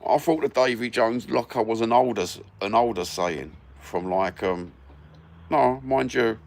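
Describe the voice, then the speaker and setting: A man's voice: medium pitch, measured pace, gravelly, a little mellow. A man with a London accent chatting casually with live viewers on his phone, blunt and sweary, full of banter. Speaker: livestream host.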